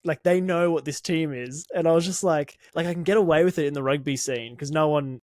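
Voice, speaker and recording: A man co-hosting a podcast who laughs easily and mocks himself as he talks. His voice sits a little high, and it sounds close and dry. He keeps the chat loose and casual. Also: fairly quick, a little mellow, no room sound. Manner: laughs easily, chatty and self-mocking. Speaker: podcast co-host.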